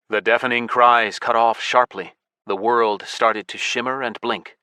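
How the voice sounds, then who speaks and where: A man narrating a science fiction audiobook in the first person, with steady, measured storytelling on a close studio mic. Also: medium pitch, smooth, no room sound.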